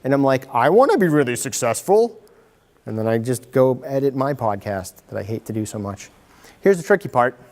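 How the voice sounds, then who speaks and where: In a meeting room, a man gives a lively workshop to parents, animated and quick to act out short scenes. His mid-pitched voice carries a long hall reverb from a community-TV taped talk.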